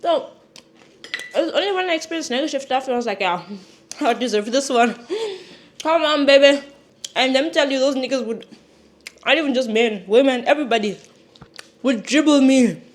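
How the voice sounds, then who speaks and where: A woman's voice: high voice, normal speed, pauses often. A young woman vlogger chatting frankly while she cooks and eats, swearing now and then, with sniffles and sudden emphatic bursts. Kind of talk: casual chat while cooking and eating. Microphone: clip-on mic.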